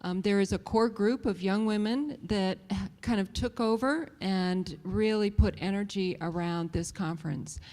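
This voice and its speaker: A woman in her sixties, a conference founder giving a calm, modest welcome speech. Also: medium pitch, measured pace, hardly any pauses. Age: 60s. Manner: modest, calm, soft-spoken. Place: conference hall. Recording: long hall reverb.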